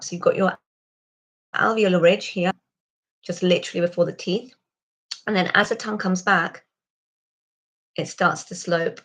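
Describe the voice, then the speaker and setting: A woman giving a pronunciation lesson, calmly explaining and slowly modelling sounds for the listener to repeat. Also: lowish voice. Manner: calm, instructive, models sounds slowly for repetition. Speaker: accent coach.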